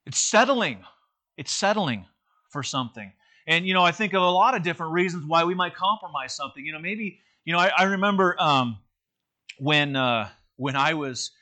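A man's voice: a little high, sharp tone. A man teaching an interactive church lesson in a conversational way, with many fillers and restarts.

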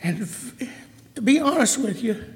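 A man's voice: extremely high pitch, animated, unhurried. A man giving an emotional, emphatic sermon to a small congregation in a church hall. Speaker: church speaker. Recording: hall reverb.

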